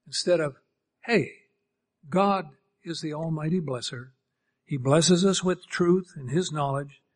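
High-voiced man preaching a sermon. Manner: emphatic, quotes scripture and acts out little voices.

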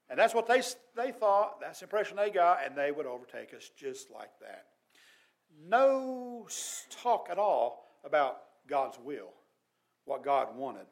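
A man preaching a sermon as pastor, earnest and emphatic, his voice swelling loud and dropping quiet. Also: fairly high pitch, sing-song, moderate pace.

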